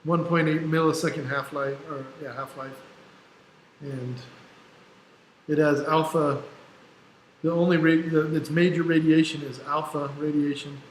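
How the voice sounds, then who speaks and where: A man's voice: on the high side, fairly even intonation, measured pace, long pauses. A male teacher giving a casual classroom lecture, explaining step by step and often checking in with "right?". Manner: casual, self-deprecating asides. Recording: echoey room, faint background noise.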